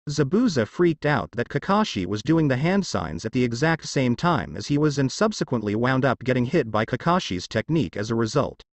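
A man narrating a fanfiction story in a steady storytelling read. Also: mid-range voice, fairly quick, few pauses, no echo. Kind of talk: fanfiction reading.

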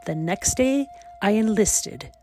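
A woman reading the part of a kind, wise elderly grandfather in a storybook, speaking gently and steadily as he tells of his past. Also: medium pitch, big pitch swings, slow, faint music behind. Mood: reminiscing.

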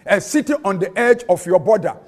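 A Ghanaian man preaching with a high, ringing voice. He falls into a sing-song cadence and mixes local-language phrases into his sermon. The long reverb of a big church hall hangs on every line. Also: fairly quick. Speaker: prophet and preacher.

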